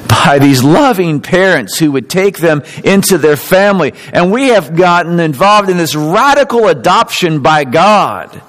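A man preaching in a church, his voice sitting a little high for a man. He delivers his sermon with animated swings, rising to emphatic peaks and dropping back to quiet, softer reflection. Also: measured pace, few pauses, poor audio. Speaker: pastor.

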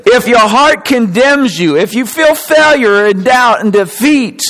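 A man preaching a sermon, animated, with a strong slowing down on the key phrases. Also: extremely high pitch, poor audio. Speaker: pastor.

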